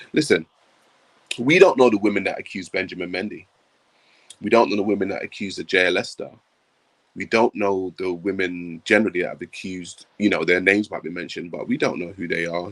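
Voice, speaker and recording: A man's voice: deep voice, brisk, fairly bright tone. A man hosting a livestream, talking emphatically, repeating his points and calling viewers bro. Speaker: livestream host. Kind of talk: livestream commentary.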